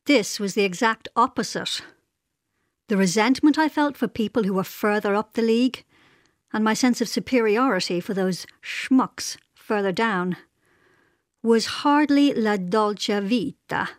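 A woman's voice: mid-range voice, a little slow, no echo, clean studio sound. A woman narrating a personal essay in a wry, reflective manner.

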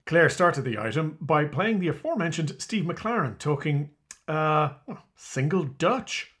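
Casting: male radio presenter, slightly high voice, wry scripted links. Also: expressive, a little slow, a bit bright. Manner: wry, playful.

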